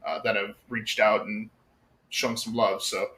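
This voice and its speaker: A man's voice: fairly low pitch, flat delivery, measured pace, pushed and bright. An American man chatting on a podcast, telling rambling stories with lots of fillers and casual swearing. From United States. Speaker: podcast guest.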